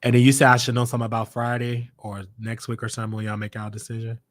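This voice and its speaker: A man's voice: mid-range voice, completely flat delivery, fast, no room sound. A man from Chicago hosting his own show, telling a personal story in a casual, emphatic way and repeating lines for effect. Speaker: show host.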